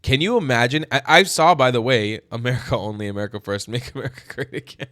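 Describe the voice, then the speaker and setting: A man hosting his channel, reacting to social media posts with animated, incredulous and mocking commentary. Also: medium pitch, fast, few pauses, dry recording, clean studio sound.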